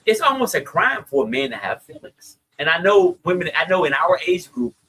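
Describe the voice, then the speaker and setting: A man with a Southern US accent hosting a podcast, chatting casually and reading listener comments with lively, slangy delivery. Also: high voice, a little fast, a little hiss or hum, rough recording. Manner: animated, laughing, Southern slang. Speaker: podcast host.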